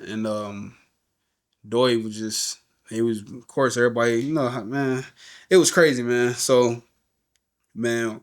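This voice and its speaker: A middle-aged man, a guest on a podcast, tells an emotional story in loose, slangy everyday talk. He keeps dropping "you know what I'm saying" and acts out the voices of the people in the story. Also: medium pitch.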